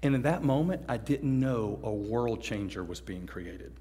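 A man preaching a story-driven sermon as a youth pastor, acting out voices and swinging from hushed to loud. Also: mid-range voice, expressive, unhurried. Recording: long echo of a large hall.

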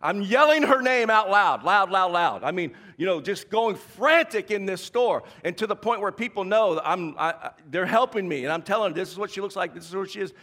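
Emphatic high-voiced preacher man. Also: a little fast, hardly any pauses. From American South. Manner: emphatic preacher, swings from hushed to shouting, repeats key lines. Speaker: pastor. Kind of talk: sermon.

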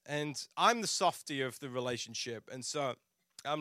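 A man's voice: fairly high pitch, lively intonation, moderate pace, sharp tone, dry recording, clean studio sound. A man preaching a sermon as a pastor, telling a personal story in a chatty, self-mocking way with frequent restarts.

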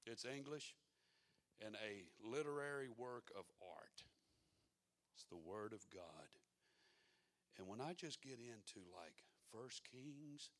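A man preaching a sermon in a folksy, conversational way that rises to fervent exhortation. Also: mid-range voice.

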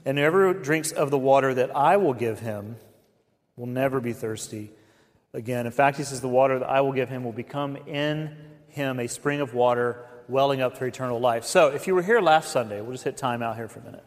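A pastor giving a conversational sermon, with folksy asides to the congregation. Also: male voice, mid-range voice, brisk. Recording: reverberant hall.

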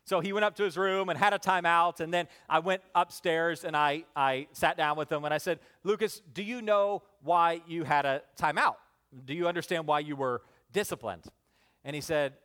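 A man, a father, preaching a sermon in church, building with emphatic repeated phrases, then dropping to hushed, slow lines. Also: animated. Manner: dynamic preaching, rising emphatic repetition then hushed low endings. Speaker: pastor.

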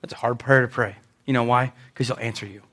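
A man preaching a sermon as pastor, animated, swinging between loud and soft, acting out quotes. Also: medium pitch, fast talker.

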